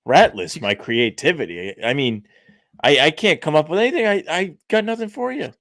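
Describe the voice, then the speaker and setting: A man's voice: a little high, animated, moderate pace, gravelly, a bit bright, dry recording. Laid-back young man on a dry mic. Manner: laid-back, self-deprecating, says "like" often. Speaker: podcast co-host. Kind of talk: casual sports podcast chat.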